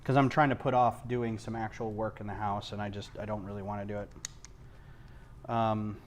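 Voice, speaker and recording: A man hosting a casual livestream from home, rambling onto tangents, losing his thread and filling pauses with ums. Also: on the low side, level tone, a little hiss or hum. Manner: frequent ums and restarts. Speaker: livestream host. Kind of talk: casual chat while building.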